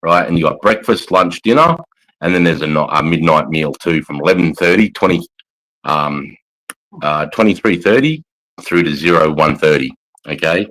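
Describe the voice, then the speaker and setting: An Australian army veteran telling war stories in a casual livestream, swearing constantly and rambling bluntly. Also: male voice, rumbling low, moderate pace, a bit bright, low-quality recording.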